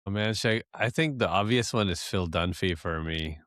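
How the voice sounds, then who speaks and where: Male co-host, low relaxed voice, dry close sound, easygoing. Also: moderate pace, no room sound. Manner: easygoing, laughs along. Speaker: podcast co-host, father. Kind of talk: casual podcast chat.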